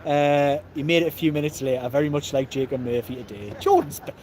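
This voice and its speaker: A man's voice: medium pitch, fast talker, a little mellow. A man with a Geordie accent hosting a casual live stream outdoors, chatting, joking and reading out viewers' comments. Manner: chatty, jokey, laughs often, reads out viewer comments. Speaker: football channel host reading live comments.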